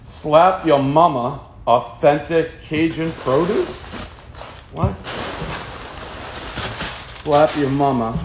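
A man's voice: a little high, very slow, long pauses, slight background noise. A man giving profane, jittery running commentary as he unboxes packages on a casual livestream. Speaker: host unboxing fan mail.

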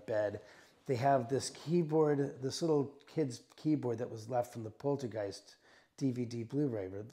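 A middle-aged man showing visitors around a room of his house, casually retelling ghost encounters and acting out the quotes. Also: medium pitch. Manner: animated retelling with acted-out quotes. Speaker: house owner giving a tour. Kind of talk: casual storytelling.

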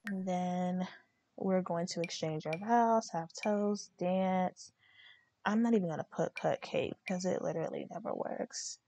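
A woman's voice: fairly low pitch, a little slow, warm tone. A young woman hosting a let's play, narrating her game in a chatty, slangy way. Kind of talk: casual game commentary.

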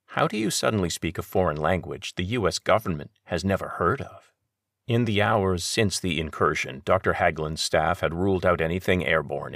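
A man narrating an audiobook in a steady, measured way. His voice sits very low. The recording is close and dry, with no room sound. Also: dry recording.

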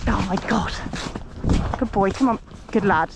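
Woman chatting on horseback, slow and easy, lots of outdoor noise and hooves behind. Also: medium pitch, creaky. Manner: chatty, coaxing a horse, laughing easily. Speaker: equestrian vlogger. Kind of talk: casual riding commentary. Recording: loud outdoor noise, hoofbeats.

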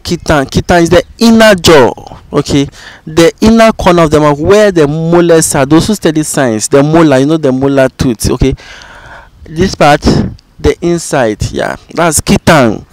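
Ghanaian man teaching phrases, repeating slowly. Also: fairly high pitch, no echo. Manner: repeats each phrase slowly several times. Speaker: language teacher. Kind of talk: spoken language lesson.

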